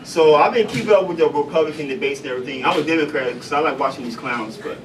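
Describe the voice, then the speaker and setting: A man from Chicago doing stand-up comedy in a coffee house, loose and profane with deadpan punchlines. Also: fairly high pitch, fast. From Chicago, USA. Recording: distant mic, noisy café room.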